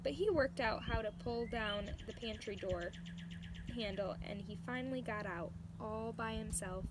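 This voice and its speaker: A woman doing a gentle mother cat. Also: on the high side, unhurried, heavy background noise, lightly acted. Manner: soft, proud and gentle.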